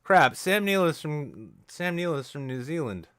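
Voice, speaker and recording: A male podcast host riffing absurd deadpan bits in easy casual chat. His pitch moves a lot as he jokes, and the sound is close and dry with no room. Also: measured pace, clear, resonant tone, no room sound.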